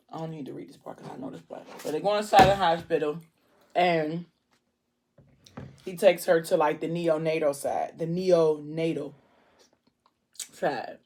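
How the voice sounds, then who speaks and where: A woman's voice: low voice, steady tone, measured pace, pauses often, darkish tone. A woman book vlogger in casual chat, retelling scenes in a chatty way with lots of "like"s.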